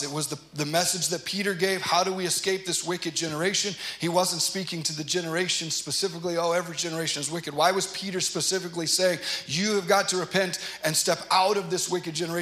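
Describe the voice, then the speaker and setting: A man's voice: high-pitched, pushed and bright, reverberant, low-quality recording. A man teaching a Bible study as pastor, reading passages aloud and explaining them in an earnest, emphatic way with casual asides.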